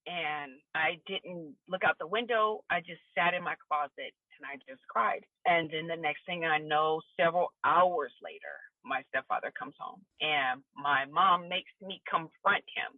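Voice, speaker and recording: A woman's voice: deep voice, animated, unhurried, few pauses, no room sound. A woman who is a podcast guest earnestly recounts a personal story and acts out the dialogue she remembers in the quoted voices. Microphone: phone call. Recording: tinny phone line.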